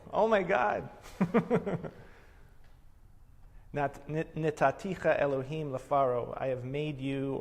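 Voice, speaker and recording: A man teaching a meditation lesson, explaining slowly and reflectively. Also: medium pitch, darkish tone. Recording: long hall reverb.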